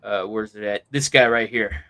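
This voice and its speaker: Bright-voiced blunt man on a stream. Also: fairly low pitch, normal speed, no room sound. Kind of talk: casual livestream chat.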